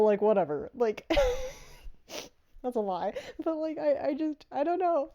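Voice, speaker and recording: A woman's voice: lowish voice, dark tone. A woman giving a casual, rambling movie review, full of fillers and frequent laughter.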